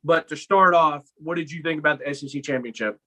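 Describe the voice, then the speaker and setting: A young man co-hosting a casual sports podcast, telling stories in an animated way and acting out his own lines. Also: a little high, fast talker, low-quality recording. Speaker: podcast co-host.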